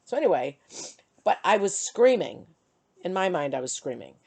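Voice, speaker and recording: A middle-aged woman vlogging, chatty and animated as she tells and vents about her day. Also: fairly low pitch, moderate pace, vocal fry, dry recording. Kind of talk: casual storytelling to camera.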